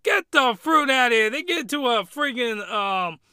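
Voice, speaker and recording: A man's voice: very high-pitched, lively intonation, moderate pace, sharp tone, clear, resonant tone, dry recording, clean studio sound. A man giving a comedic review rant, rambling and exclamatory, with loose, colloquial talk. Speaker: anime reviewer.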